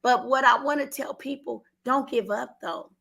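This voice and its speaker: This is a high, slightly bright woman's voice with vocal fry, moving at a normal speed. The speaker, a middle-aged woman from Oakland, California, with an Oakland accent, tells an earnest personal story on a call-in show, repeating herself and fighting back tears.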